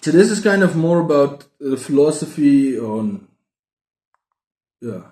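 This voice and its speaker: With a slightly high, mellow and expressive voice at a measured pace, a South African man in his thirties talks books in a loose, self-mocking ramble full of false starts. He's a book vlogger doing a casual haul chat, recorded in an echoey room.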